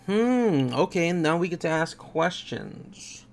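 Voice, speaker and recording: A man's voice: fairly high pitch, very animated, slow pace, hardly any pauses, a little hiss or hum. A man commenting on a game he plays, reading its dialogue aloud and joking about it. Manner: reads dialogue aloud in plain voices, jokey asides. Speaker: let's play gamer.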